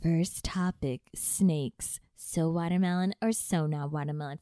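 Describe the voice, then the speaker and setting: A woman co-hosting a casual podcast with her sisters, talking emphatically and quick to argue. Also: deep voice, fairly even intonation, warm tone, dry recording, clean studio sound. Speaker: podcast co-host.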